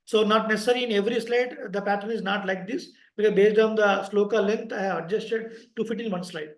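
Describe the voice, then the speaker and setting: A man with an Indian English accent leading an online sloka class, chanting slowly and explaining pronunciation with patience. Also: high-pitched, fairly even intonation, reverberant, rough recording. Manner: slow drawn-out chanting, patient spelling-out of sounds. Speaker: chanting teacher.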